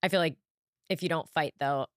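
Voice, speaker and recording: A young adult woman co-hosting a podcast, asking relaxed questions and chiming in with short agreements. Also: low voice, brisk, no echo, clean studio sound. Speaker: podcast co-host. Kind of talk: casual chat.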